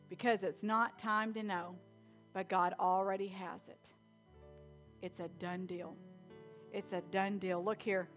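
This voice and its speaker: A young woman preaching a sermon in church, emphatic and slowly repeating key lines. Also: medium pitch.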